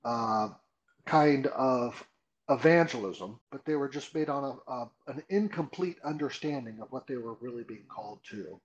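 A man with a mid-range voice speaks as a pastor guest in an interview. He explains earnestly and with emphasis, often checking in with a quick "right?". His tone is conversational but teacherly. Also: medium pitch, highs cut off.

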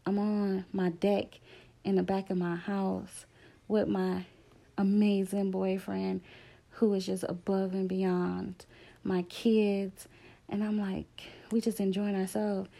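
Gravelly low-toned woman telling a story. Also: mellow. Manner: candid, emphatic, drifting between fast and slow. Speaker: speaker sharing a personal story. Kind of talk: casual testimonial storytelling.

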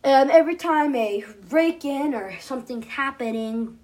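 Storyteller host, woman, high lively voice, rambling and hesitant. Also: unhurried. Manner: rambling, with many ums. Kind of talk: improvised storytelling.

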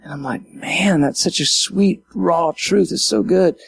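A man, a Christian minister, talking to his audience in an impassioned, half-sermon style, emphatic and animated, repeating his key phrases. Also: sits high, a little slow, creaky, husky.

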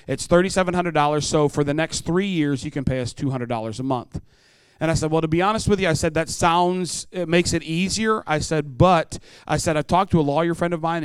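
A man's voice: fairly high pitch, smooth, no room sound. A middle-aged man preaching a sermon to teenagers, telling stories and acting out voices as he asks the room questions.

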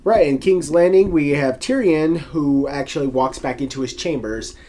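A man's voice: on the high side, moderate pace, dark tone. A man co-hosting a casual TV recap chat, with a teasing, joking way of talking. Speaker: podcast co-host.

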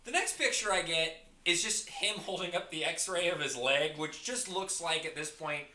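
A man hosting a casual podcast chat, telling stories in an animated way and swearing freely. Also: fairly high pitch, moderate pace. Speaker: podcast host. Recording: roomy echoey room.

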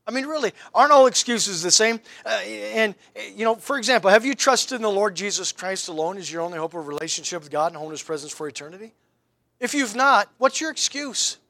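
High, bright-voiced preacher man. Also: no echo. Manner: rhetorical questions, wry and emphatic. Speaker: pastor. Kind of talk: sermon.

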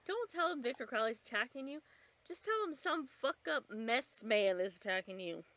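A woman's voice: a little high, animated, normal speed, a bit bright. A woman co-hosting a podcast, chatting casually while they watch a movie, sardonic and swearing freely. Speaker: podcast co-host.

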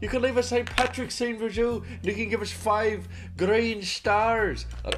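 A man's voice: steady tone, a little slow, fairly bright tone, soft background music. A man hosting a podcast puts on a playful, exaggerated mock Irish accent that slips toward posh British. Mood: hammy. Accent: mock Irish, slipping toward posh British. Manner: hammy, high-pitched, playful. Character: exaggerated stage Irishman, jolly and loud.

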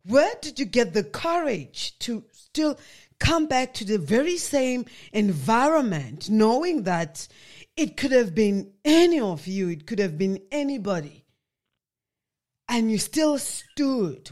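A woman interviewer asking halting, probing questions. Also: fairly high pitch, big pitch swings, darkish tone.

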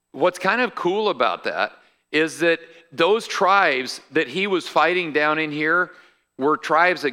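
A man's voice: a little high, sharp tone. A male pastor preaching a sermon in a conversational way, explaining scripture with asides to the congregation.

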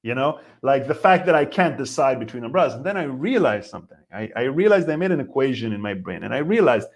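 Animated rambling comedian man. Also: mid-range voice, fast. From Israel. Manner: rambling, profane, self-interrupting rant. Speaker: comedian host. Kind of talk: live comedy rant.

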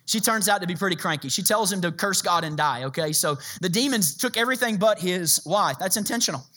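A man preaching a sermon as a pastor, joking and telling stories in an animated way. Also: high-pitched, brisk.

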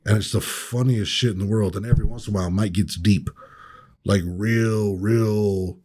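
A man's voice: fairly low pitch, steady tone, moderate pace, darkish tone, slightly rough. A man co-hosting a podcast, chatting casually in a laid-back, profane way. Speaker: podcast co-host. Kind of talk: casual chat.

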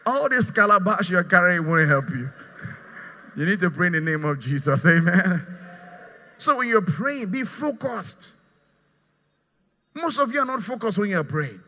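A pastor preaching a lively sermon, acting out his congregation and calling for responses. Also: high voice, unhurried, pauses often, in a large hall. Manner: animated, mimics congregants, asks crowd to respond.

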